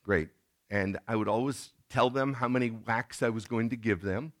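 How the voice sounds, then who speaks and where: A middle-aged man preaching a sermon in a conversational tone, now and then acting out scenes in sudden loud bursts. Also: medium pitch, normal speed. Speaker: pastor.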